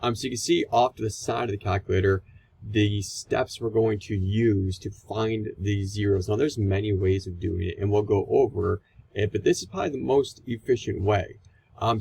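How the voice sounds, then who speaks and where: A man's voice: on the low side, creaky, darkish tone, husky, rough recording. A man teaching a recorded math lesson, explaining calculator steps in a casual, conversational way.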